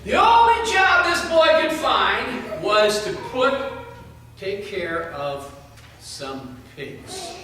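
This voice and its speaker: A man's voice: high-pitched, very animated, extremely slow, pushed and bright, a little hiss or hum. A man giving a children's message in church, telling a story in a playful way and asking the children questions. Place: church sanctuary. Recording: echoey church hall from a distance.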